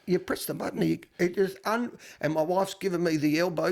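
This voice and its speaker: An Australian man co-hosting a podcast, telling animated anecdotes in casual chat with frequent stammered restarts. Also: high voice, brisk, gravelly. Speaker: podcast co-host.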